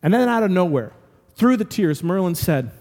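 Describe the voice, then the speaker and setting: A man's voice: sits high, sing-song, normal speed, darkish tone. A male pastor preaching a sermon, telling stories earnestly and driving points home with repetition. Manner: earnest storytelling with emphatic repetition. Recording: long reverb of a large hall.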